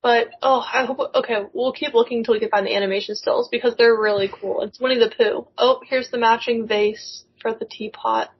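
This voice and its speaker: A young woman with a husky, fairly high voice rambles excitedly through casual chat and giggles easily. She co-hosts a podcast from a remote call. The audio is muffled and lo-fi. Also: brisk, few pauses. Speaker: podcast co-host. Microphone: remote call microphone.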